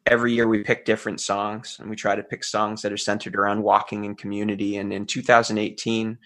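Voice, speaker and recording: A man's voice: lowish voice, flat delivery, quick pace, fairly bright tone. A middle-aged man from Central Massachusetts, a folk singer talking earnestly and openly in an interview, thinking aloud and laughing easily. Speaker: folk singer and musician guest. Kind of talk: relaxed reflective interview talk.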